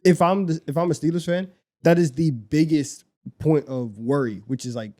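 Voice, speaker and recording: A young man with a slightly higher voice co-hosts a casual sports podcast. He talks in an animated way, circling back and repeating his phrases as he goes. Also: moderate pace. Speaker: podcast co-host.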